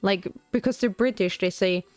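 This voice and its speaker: Young woman rambling on stream while painting, lots of "like", mid pitch, dry sound, faint music behind. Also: normal speed, dry recording. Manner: rambling and chatty, heavy on "like" fillers. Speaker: VTuber streamer. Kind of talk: casual chat while painting miniatures.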